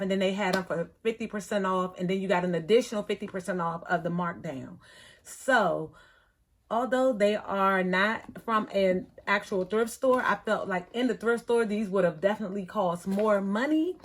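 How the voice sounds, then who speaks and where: A middle-aged woman, telling a story in a chatty, animated way, acting out the other people in it. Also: medium pitch. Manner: chatty, animated retelling with quoted voices. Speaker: thrift vlogger. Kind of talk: casual storytelling vlog.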